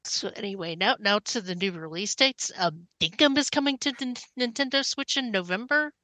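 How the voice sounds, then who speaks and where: A woman's voice: medium pitch, normal speed, pushed and bright, no echo. A woman co-hosting a gaming podcast who gives release dates in a matter-of-fact way. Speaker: podcast co-host. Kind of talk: casual gaming news chat.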